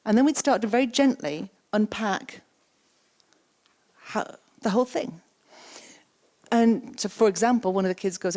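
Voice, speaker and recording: With a mellow, mid-range voice, she speaks unhurriedly and pauses often. She's a keynote speaker and coaching trainer on a conference stage, running an interactive coaching talk that repeats the audience's words and asks them questions.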